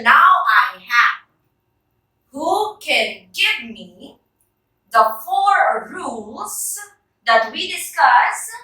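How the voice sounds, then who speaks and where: A woman with a Filipino English accent teaches a class in a high-pitched, pushed, bright voice, calling on students by name and checking their understanding. She's recorded from far off in a very echoey classroom.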